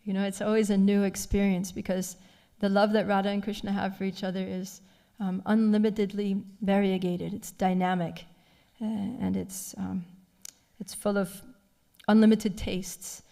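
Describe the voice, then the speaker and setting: A woman giving a devotional scripture class, retelling a story with animated feeling and frequent soft laughs. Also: medium pitch, moderate pace, vocal fry, long reverb tail. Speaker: class speaker. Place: temple class.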